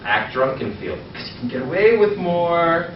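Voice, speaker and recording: A man's voice: on the high side, very animated, moderate pace. A man coaching a live seminar, playful and jokey, acting things out as he explains, recorded from a distance in an echoey room. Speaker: dating coach instructor. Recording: echoey room, distant muffled mic, noise.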